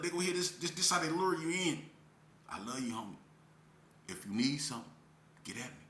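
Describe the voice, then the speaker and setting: A man's voice: sits high, sharp tone. Earnest man, emotional, echoey room. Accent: Las Vegas street speech. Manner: earnest, preaching, repeats phrases for emphasis. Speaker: speaker telling his life story. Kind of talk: emotional testimony to parents. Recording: echoey room with faint ambience.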